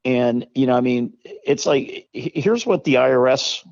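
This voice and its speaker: A man co-hosting a casual political talk show, speaking in a measured, hesitant way with many fillers. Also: mid-range voice, expressive, vocal fry, darkish tone, dry recording, muffled recording. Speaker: co-host.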